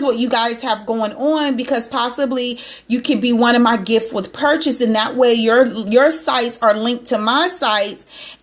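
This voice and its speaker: A woman's voice: on the high side, fairly bright tone. A woman coaching on weight loss, chatting casually on a live stream from her phone and greeting her viewers by name with sing-song hellos.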